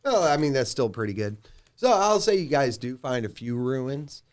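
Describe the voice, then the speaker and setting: A man's voice: mid-range voice, sing-song, moderate pace. Man, game master, easygoing narration with lots of fillers. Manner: casual, filler-heavy. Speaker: dungeon master.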